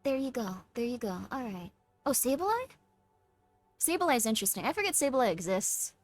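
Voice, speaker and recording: A woman hosting a live stream, chatting casually in a bubbly, excitable, playful way. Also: fairly high pitch, normal speed, faint music behind. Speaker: streamer host.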